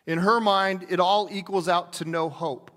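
A pastor preaching in a relaxed, conversational way, often restarting his sentences and acting out quotes. His voice sits high for a man. A long hall reverb trails behind every word. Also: normal speed. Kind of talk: sermon.

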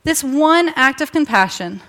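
A woman pastor preaching a sermon, telling a Bible story with emphatic pauses and rhetorical questions. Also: high-pitched, animated, a bit bright.

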